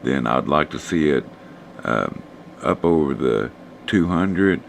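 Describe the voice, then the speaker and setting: A man, hoarse and losing his voice, casually talking through stock charts for a live stream audience. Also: rumbling low, slow, a little hiss or hum. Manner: relaxed, rambling, talks to chat viewers.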